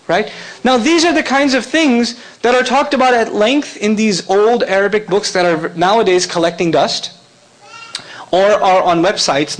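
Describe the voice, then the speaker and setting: A man's voice: sits high, rough recording. A man giving a conversational lecture to a live convention audience, joking and quizzing the listeners. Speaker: convention speaker.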